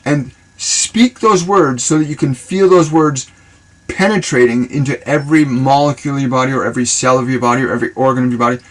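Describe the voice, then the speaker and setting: A man of middle pitch talks through viewer questions on a live stream, offering spiritual guidance. His delivery is loose and rambling, circling back on phrases and slipping into spoken affirmations. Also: a little fast, fairly bright tone, poor audio. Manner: loose and rambling, repeats himself, speaks in affirmations. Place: live social video stream.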